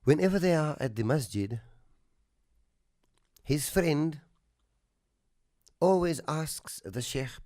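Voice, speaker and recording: Guy hosting a radio show, slow and earnest storytelling, goes soft and hushed, dry studio sound. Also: on the high side, animated, no echo. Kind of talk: radio talk with a moral story.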